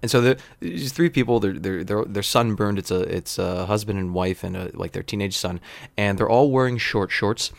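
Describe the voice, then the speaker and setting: A man in his thirties telling a comedic story with wry, digressive deadpan asides. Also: lowish voice, normal speed, gravelly, no room sound. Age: 30s.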